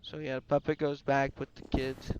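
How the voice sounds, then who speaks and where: A man's voice: medium pitch, little pitch movement, moderate pace, a little mellow, slight background noise. A man casually narrating a game story, rambling and offhand. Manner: rambling and offhand, slipping into character voices. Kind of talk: casual storytelling over gameplay.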